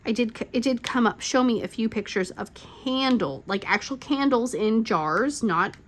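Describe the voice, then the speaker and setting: A woman's voice: on the high side, animated, moderate pace. A middle-aged woman hosting a crafting channel, telling stories in casual chat, rambling with lots of "like" fillers and frequent laughs. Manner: chatty, rambling, full of "like" fillers.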